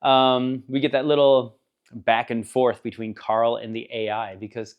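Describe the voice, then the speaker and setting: A man's voice: medium pitch, little pitch movement, measured pace, muffled recording. A man giving a casual spoken book review, rambling and enthusiastic, laughing now and then at the funny parts.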